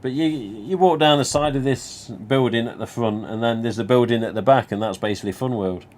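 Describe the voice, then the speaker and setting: A man with a Nottingham accent talks at an everyday middle pitch, rambling through a personal story on a livestream. He keeps adding little asides and drops the odd mild swear word. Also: fairly quick, darkish tone. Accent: Nottingham English. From England. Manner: chatty, rambling, many you-knows, mild swearing. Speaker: livestream host. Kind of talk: casual anecdote telling.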